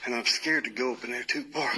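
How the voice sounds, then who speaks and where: A man's voice: medium pitch, quick pace, bright, forceful tone, in a large hall. A man filming alone in an abandoned building, talking breathlessly and pleading as he investigates. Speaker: ghost hunter filming alone. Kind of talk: live paranormal investigation.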